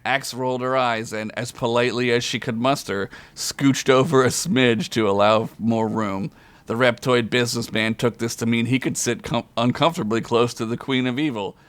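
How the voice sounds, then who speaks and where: Male storyteller, average pitch, dry close sound, reads comic fantasy and laughs along. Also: steady tone, normal speed, smooth, no echo. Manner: reads aloud with frequent chuckles, loud high character voices. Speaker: podcast storyteller. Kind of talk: comedic fantasy story reading.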